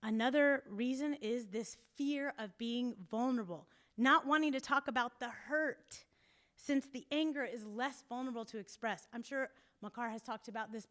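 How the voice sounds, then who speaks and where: Woman therapist, talking to a group, lively and emphatic, slightly high voice. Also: moderate pace. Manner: animated and emphatic, laughs often, acts out quotes. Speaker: couples therapist leading a group talk. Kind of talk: casual talk to a group. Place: church meeting room.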